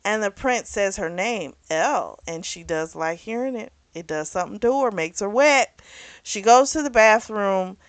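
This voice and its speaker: Recapping a story for her book club, this woman talks at normal speed in a mid-range voice, recorded without echo. Her delivery is chatty and meandering, packed with "like" and "you know," and she keeps correcting herself and forgetting the names.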